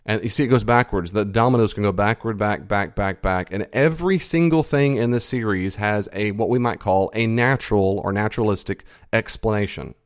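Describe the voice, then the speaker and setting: A man with a lowish voice hosts a podcast in an explanatory lecture style. He leans hard on stressed words, drawing some out slowly and repeating key phrases for effect. His pitch jumps sharply upward when he drives a point home. The recording is close and dry. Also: dry recording. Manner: lively swings in pitch for emphasis. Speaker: podcast host.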